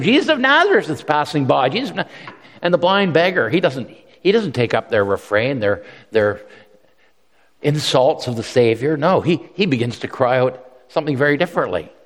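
A man's voice: fairly high pitch, fairly quick, big-room sound. A man preaching a sermon in a conversational way, often repeating himself and voicing the quotes he tells. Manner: conversational, repeats words, animated voices for quotes.

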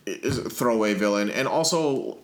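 A man co-hosting a casual movie discussion podcast, animated and swearing, thinking aloud with fillers. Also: mid-range voice, moderate pace, a little hiss or hum. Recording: roomy echo.

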